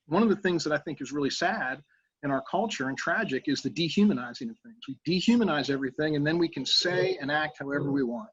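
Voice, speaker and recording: A man's voice: fairly high pitch, fast talker, a bit bright, husky, no room sound, highs cut off. A middle-aged man making an earnest, persuasive public comment at a town council meeting, talking conversationally with fillers.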